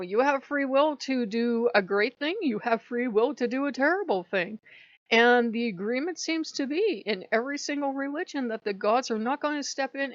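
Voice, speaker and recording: A woman's voice: fairly high pitch, dry recording, highs cut off. A woman hosting a spiritual channel, talking in a casual, irreverent monologue and acting out the things people say. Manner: irreverent, chatty, acts out quoted speech. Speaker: host of a pagan spirituality channel.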